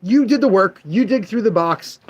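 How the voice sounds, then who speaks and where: Animated man telling a shop story. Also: high voice, moderate pace, muffled recording, slight background noise. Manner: animated, acts out customer dialogue. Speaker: comic shop owner. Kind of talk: casual storytelling to viewers.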